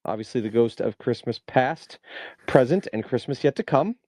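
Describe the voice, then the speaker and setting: A man's voice: medium pitch, lively intonation, moderate pace, a little mellow, no echo. A man in his thirties hosting a podcast, with playful, emcee-like announcing. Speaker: podcast host.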